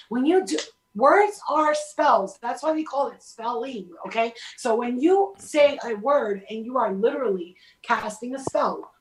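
A woman's voice: on the high side, echoey room, slight background noise, low-quality recording. A woman giving casual spiritual advice in a blunt, emphatic way, swearing freely as she talks.

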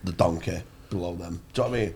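Sweary, gravelly man rambling comically. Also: low voice, rapid-fire. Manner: sweary, animated, acts out voices. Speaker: podcast co-host.

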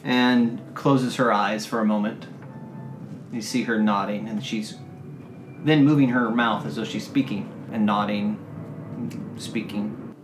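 A man narrating a tabletop game as game master, spinning relaxed, descriptive scenes at a middle pitch. The room rings with echo, and faint music plays underneath. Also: measured pace.

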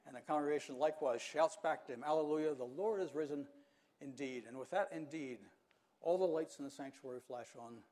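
Older male preacher, measured and earnest, warm mellow tone, slightly raised pitch. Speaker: pastor. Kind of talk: sermon.

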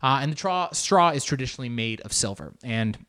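A man hosting a casual solo podcast, talking in an animated, joking and profane way and slipping into Spanish words. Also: mid-range voice, a little fast. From Argentine family background. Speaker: podcast host.

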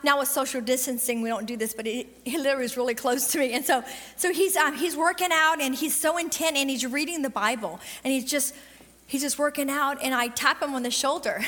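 A middle-aged woman preaching a sermon and telling a personal testimony in an animated way, with quick bursts and drawn-out emphasis. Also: high-pitched, in a large hall.

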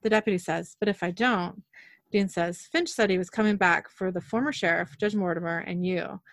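Speaking fairly quickly in a lowish voice, a female podcast host recaps a TV episode in a casual way, describing the scenes and quoting the characters as herself. The studio recording is clean, with no room sound.

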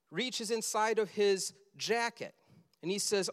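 High-voiced preacher in a reverberant hall. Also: male voice, moderate pace. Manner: animated storytelling, acting out film scenes. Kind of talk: sermon.

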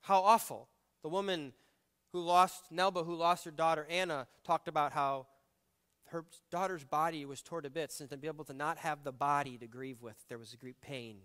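A male pastor preaching a sermon in a conversational, emotive way, moving between loud emphasis and quiet reflection. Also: fairly high pitch, fairly even intonation, moderate pace, clean tone.

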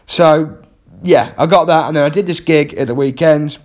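A man's voice: on the high side, moderate pace, a little mellow. A man, a comedian hosting his own podcast, telling a rambling, self-mocking story with wry asides. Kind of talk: casual comic monologue.

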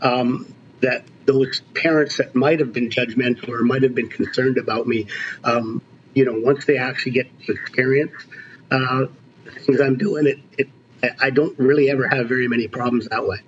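A man in his sixties, a veteran basketball coach, telling stories in an animated, emphatic way during a casual interview. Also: mid-range voice, normal speed, dull audio, a little hiss or hum. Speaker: basketball coach, podcast guest.

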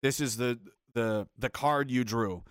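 On his livestream, a man launches into a furious political rant, cursing, sneering sarcastically and reading chat aloud. His medium-pitched voice is smooth and measured in pace, recorded at studio quality without echo.

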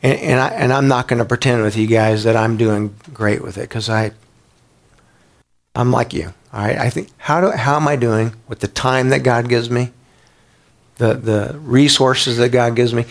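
Male pastor, mid-pitched voice, conversational Bible sermon, lots of questions to the room and restarts. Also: fairly even intonation, normal speed, creaky. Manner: conversational, asks the congregation questions; repeats words as he restarts.

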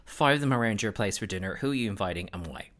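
A man's voice: lowish voice, animated, quick pace, a bit bright. A man hosting a podcast, chatting casually with a guest and laughing often. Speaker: podcast host. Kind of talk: casual chat interview.

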